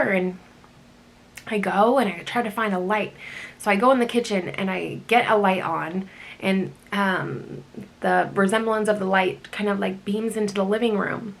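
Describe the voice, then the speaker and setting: Woman, gravelly voice, casual storytelling, hesitant, animated. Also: mid-range voice, a little slow. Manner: hesitant with many ums, animated retelling. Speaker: EMT telling a work story.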